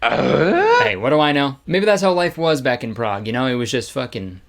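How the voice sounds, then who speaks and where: A man's voice: mid-range voice, sing-song, a little fast, music in the background. A man hosting comedic movie commentary, irreverent and joking, often laughing. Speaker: commentary host.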